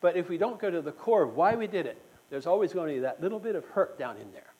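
A man's voice: high-pitched, expressive, quick pace, a little mellow, breathy edge, dull audio. A man giving a conversational sermon at a church meeting, earnest and talking straight to his listeners with questions. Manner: earnest, asks the audience questions. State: just had a tooth pulled. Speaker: church speaker.

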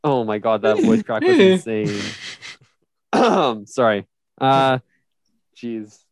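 A man co-hosting a casual football podcast, starting halting and stammering. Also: mid-range voice, very animated, dry recording. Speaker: podcast co-host. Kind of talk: casual sports podcast chat.

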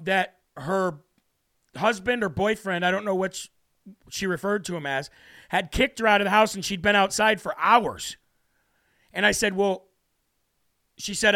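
A man's voice: high-pitched, normal speed, vocal fry, bright, forceful tone. A man hosting a political talk show, speaking brashly and preachily, then telling a story from his morning. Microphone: studio mic.

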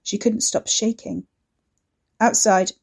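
A woman reading serialized fiction aloud with steady, measured pacing. Her voice is mellow and warm-toned, sitting at an ordinary pitch. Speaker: narrator. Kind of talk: serial audiobook narration.

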